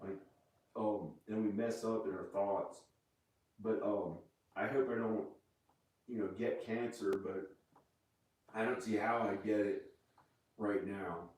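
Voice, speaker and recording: A man talking casually as host, halting and restarting his sentences often, recorded in a room of a house. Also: on the low side, fairly even intonation, a little mellow. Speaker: channel host. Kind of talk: casual chat. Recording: echoey room, far from mic.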